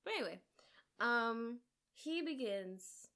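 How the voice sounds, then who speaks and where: A woman co-hosting a podcast, eagerly retelling a film plot in casual chat with quick asides. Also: on the high side, lively intonation, sharp tone. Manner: enthusiastic, gushing storyteller with quick asides. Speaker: podcast co-host. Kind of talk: casual movie recap.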